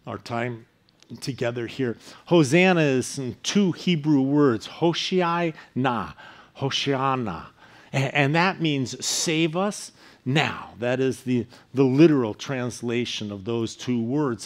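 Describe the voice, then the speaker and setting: An earnest male pastor delivering a sermon at a middle pitch. His phrases often sink into a quiet, hushed finish as he presses his point. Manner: earnest preaching with softer dropping phrase endings.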